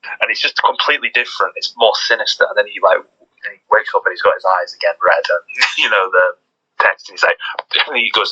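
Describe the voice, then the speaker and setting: A man co-hosting a podcast in casual chat, talking excitedly with lots of restarts. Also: on the low side, quick pace, breathy edge, highs cut off. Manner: excited, rambling with many restarts. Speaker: podcast co-host.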